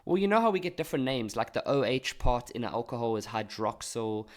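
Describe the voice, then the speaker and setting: A man's voice: medium pitch, sing-song, a little fast. A male teacher working step by step through an exam paper, explaining patiently. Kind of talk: exam walkthrough lesson.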